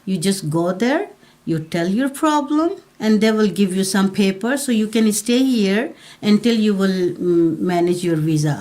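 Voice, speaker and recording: A woman from Pakistan tells her own story in an interview, talking plainly and haltingly, with frequent restarts. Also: mid-range voice, a little mellow. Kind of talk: personal story told in an interview.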